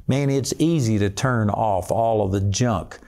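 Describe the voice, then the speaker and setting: A man's voice: on the low side, unhurried, dark tone. A man preaching a sermon in an earnest, emphatic way.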